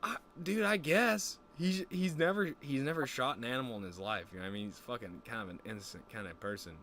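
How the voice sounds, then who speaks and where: Young male streamer, lowish voice, profane rambling storyteller, faint noise behind. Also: fast talker. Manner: rambling, profane, animated quoting. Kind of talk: casual storytelling chat.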